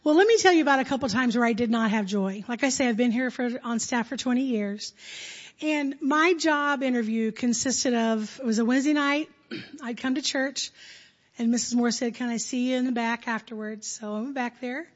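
A woman's voice: a little high, normal speed, muffled recording. A woman on a church's staff addressing the congregation in a jovial way, laughing often between phrases. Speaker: church staff member leading the meeting.

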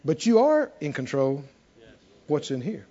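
High-voiced preacher man, dull recording. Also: sing-song, measured pace. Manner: swings from quiet intimate storytelling to loud emphatic exhortation; leads call-and-response with the congregation. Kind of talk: sermon.

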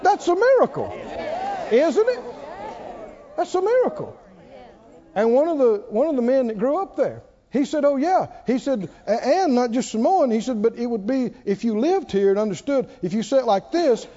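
A man preaching a sermon as pastor of a church, animated, calling out hallelujahs. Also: sits high. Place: church sanctuary. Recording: dull sound, long hall reverb.

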